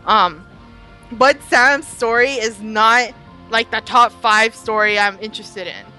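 A young woman co-hosting a podcast, chatting casually about a TV episode, swearing freely and throwing in quick asides. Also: a little high, sharp tone, soft background music, rough recording. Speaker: podcast co-host. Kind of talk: casual chat.

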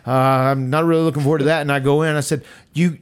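A man hosting a podcast, telling a story in a loose, animated way and acting out quotes. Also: rapid-fire, smooth. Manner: animated, acts out quotes with rising pitch. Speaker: podcast host. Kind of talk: casual storytelling.

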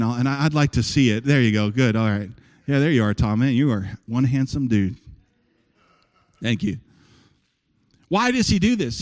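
Animated high-voiced male pastor preaching. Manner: animated preaching with call-and-response. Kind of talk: sermon. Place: church sanctuary with congregation.

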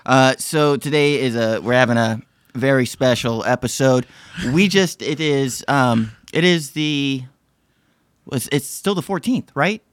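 A man co-hosting a podcast, chatting excitedly and rambling, laughing often. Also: medium pitch, measured pace, no room sound, studio quality. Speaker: podcast co-host. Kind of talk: casual podcast chat.

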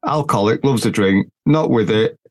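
A man's voice: lowish voice, normal speed. A man hosting a casual podcast, talking bluntly and rambling in colloquial speech. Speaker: podcast host.

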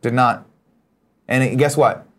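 A man's voice: mid-range voice, fairly even intonation, a little slow. Profane joking man reading chat. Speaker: co-host reading chat comments. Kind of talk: casual chat.

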